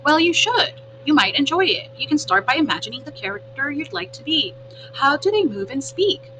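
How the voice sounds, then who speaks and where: A flamboyant, chatty female opossum from a storybook, all stagey flourishes and exclamations, as a woman reading aloud puts her on. The voice sits high and lifts into big swoops, with a steady hum of noise behind it. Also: exaggerated voice, low-quality recording. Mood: enthusiastic. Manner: theatrical, breathy exclamations, drawn-out emphasis. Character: dramatic theatrical female opossum, showy and chatty. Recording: humming background noise.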